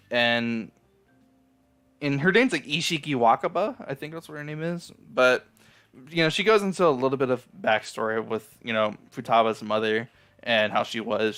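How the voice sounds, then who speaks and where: Sounding down and apologetic, a man reviewing anime rambles through an episode recap with plenty of swearing, fillers and restarts. His mid-range voice is smooth and a bit bright, and his tone stays casual.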